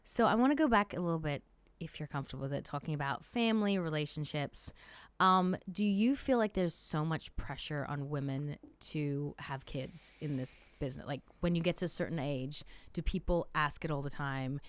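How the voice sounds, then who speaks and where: A woman's voice: low voice, normal speed, clean tone. A woman in her thirties, born in South Africa, hosting a podcast with a mixed Australian and American accent, talking animatedly and swearing casually. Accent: Australian with American mix. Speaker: podcast host. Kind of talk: casual interview chat.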